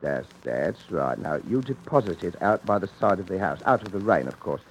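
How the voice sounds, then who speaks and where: A man playing a cold, scheming father in a radio drama, smooth and menacingly polite. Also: low voice, expressive, moderate pace. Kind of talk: 1940s radio acting.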